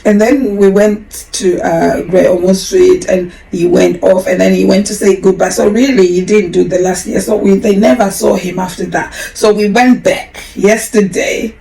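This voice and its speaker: Woman in her forties, podcast host, gravelly fry, candid rambling personal story time. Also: mid-range voice, steady tone, moderate pace, few pauses, mellow, low-quality recording. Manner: candid, emotional, rambling with restarts.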